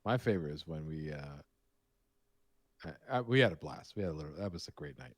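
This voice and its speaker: Very deep-voiced man telling stories. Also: fairly quick, no echo. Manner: rambling, animated storytelling with restarts. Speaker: co-host of a live painting stream. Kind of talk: casual chat.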